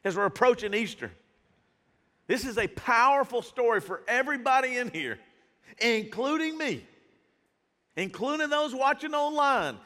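A man's voice: very high-pitched, animated, moderate pace, pauses often, bright, forceful tone. A man preaching a sermon as pastor in a casual, slangy style, speaking in a church. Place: church sanctuary. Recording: reverberant church hall.

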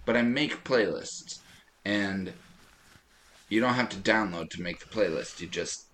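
A man co-hosting a podcast in casual chat, telling animated stories and laughing often. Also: fairly low pitch, a little slow. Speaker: podcast co-host.

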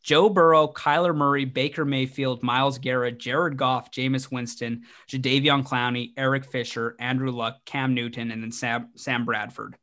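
A man hosting a casual sports podcast, talking in an energetic, joking, rambling way with restarts. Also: medium pitch, normal speed, few pauses. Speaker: podcast host.

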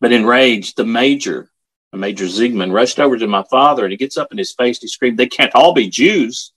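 A man earnestly telling a story, emphatic and halting, often repeating himself. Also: medium pitch, a bit bright, breathy edge. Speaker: speaker telling his father's war story. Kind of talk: storytelling talk.

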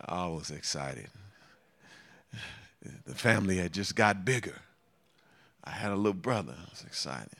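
A man's voice: low-pitched, lively intonation, normal speed, vocal fry, pauses often, fairly bright tone. A man preaching a sermon, repeating phrases for emphasis and chuckling often.

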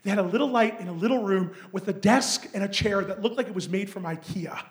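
A man from Canada preaching and telling a story in an animated way, often laughing and shouting. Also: high voice, a little fast. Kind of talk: sermon storytelling.

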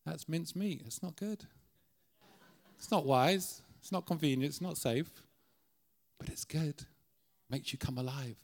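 A man's voice: a little high, normal speed. A middle-aged Irish man preaching as a guest speaker in a church, earnest and conversational, often restarting his sentences. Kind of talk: sermon.

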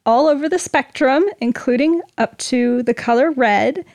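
A woman's voice: high-pitched, moderate pace, darkish tone, no room sound, clean studio sound. A woman co-hosting a podcast, reading her notes in a casual, good-humored way. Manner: good-humored, laughs easily. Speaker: podcast co-host.

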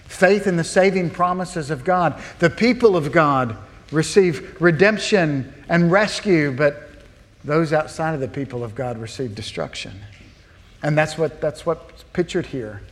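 Male pastor, earnest sermon delivery, slightly high pitch, big reverberant hall. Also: measured pace. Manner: earnest, asks the listeners rhetorical questions. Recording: long reverb of a large hall.

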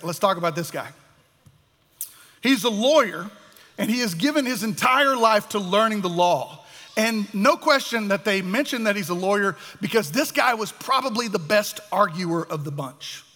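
A man preaches a sermon, his voice high and bright. He talks animatedly and slips into the voices of the people in his story. The sound carries the long echo of a hall. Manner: animated, acts out voices of biblical figures. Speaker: pastor. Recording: echoey hall.

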